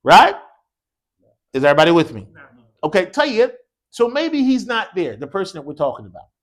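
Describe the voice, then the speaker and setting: A man's voice: sits high, big pitch swings, normal speed. A man teaching an Arabic class. He drills students call-and-response style, mixing English with short Arabic phrases and quizzing the class with repeated "what?" prompts. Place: mosque classroom.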